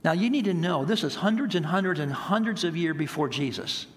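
Earnest male pastor, slightly higher voice, emphatic storyteller, long hall echo. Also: expressive, a little fast. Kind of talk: sermon.

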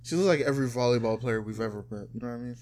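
A man's voice: mid-range voice, racing. Joking, crude young man chatting. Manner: joking, crude, animated storyteller. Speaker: podcast co-host. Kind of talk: casual chat.

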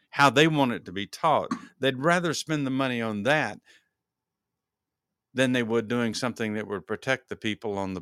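A man's voice: medium pitch, fairly bright tone, clear, resonant tone, dry recording, studio quality. A man hosting his own podcast, giving solo political commentary in a heated, ranting way and repeating words as he works himself up. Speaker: podcast host.

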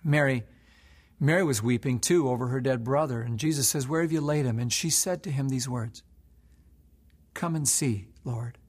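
A male pastor preaching a sermon, moving between soft, hushed prayer and rising, impassioned emphasis. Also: medium pitch, brisk.

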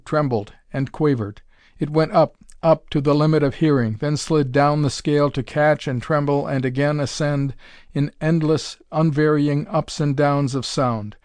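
A man reading a pulp adventure story aloud in a measured, plain narrating manner. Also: fairly high pitch, darkish tone, smooth, dry recording, clean studio sound.

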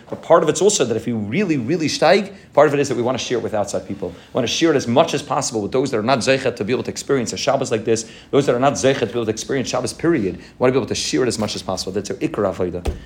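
A synagogue's rabbi, with a medium-pitched voice, gives his congregation a fervent sermon, telling stories and weaving in many Hebrew and Yiddish terms.

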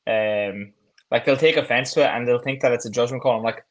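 A man with a mid-range voice talks quickly and rambles through a casual podcast chat. He is a fitness coach, blunt and matter-of-fact, and he laughs often. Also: mid-range voice.

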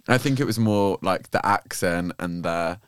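A man's voice: low voice, measured pace, clean tone, no room sound. A man co-hosting a podcast, telling stories with a lot of giggling. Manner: giggly, gossipy storytelling. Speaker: podcast co-host. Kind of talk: casual chat.

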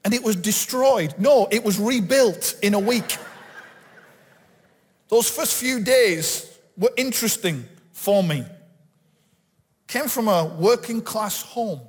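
A middle-aged man from England, preaching a lively sermon and acting out the quotes he tells. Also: sits high, slow pace, long pauses, breathy edge. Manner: animated preaching, acts out quotes. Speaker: guest pastor. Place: church hall. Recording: reverberant church hall.

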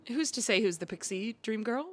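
A woman's voice: on the high side, animated, a little fast, a bit bright, slight background noise. A young woman co-hosting a podcast, chatting casually and playfully, laughing often. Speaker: podcast co-host. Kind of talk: casual chat.

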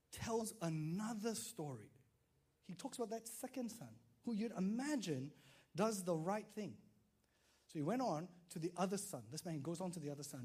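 A man preaching a sermon, telling stories in an animated way, acting out quotes and checking in with listeners. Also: high voice, slightly rough. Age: adult father. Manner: animated storytelling, acts out quotes, frequent "right?" to listeners.

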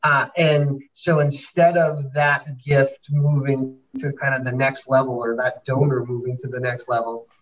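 A man's voice: mid-range voice, level tone, a little slow, few pauses, distant mic, dull audio, a little hiss or hum. A man hosting a conversation about fundraising, asking questions and affirming his guests. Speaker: host and fundraising consultant. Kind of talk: podcast conversation.

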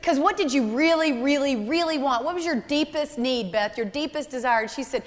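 High-voiced woman preaching in a hall. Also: fairly quick. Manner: emotional, earnest, repeats key phrases. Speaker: speaker at a church service. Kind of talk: sermon. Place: large church hall. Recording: live hall with long reverb.

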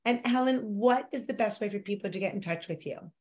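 A woman's voice: mid-range voice, brisk, a little mellow. A woman hosting a wellness talk show, speaking in an encouraging, affirming way and interviewing her guest. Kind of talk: podcast interview, wellness chat.

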